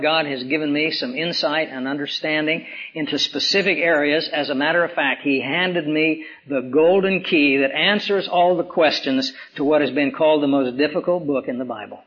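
A man preaching a sermon as pastor, hoarse from swollen tonsils, with emphatic rises and slow, dramatic drops. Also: fairly high pitch, fairly bright tone. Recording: dull lo-fi recording.

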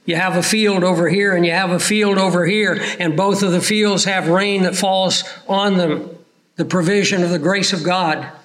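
A man preaching a sermon, slowing down to stress his points. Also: high voice, fairly even intonation, fairly bright tone.

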